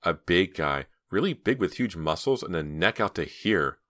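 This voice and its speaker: A deep-voiced man doing chatty teenage girls. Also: lively intonation, moderate pace, dry recording, studio quality. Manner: lifts his voice higher and louder for the girls. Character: teenage girls and their mother in the story.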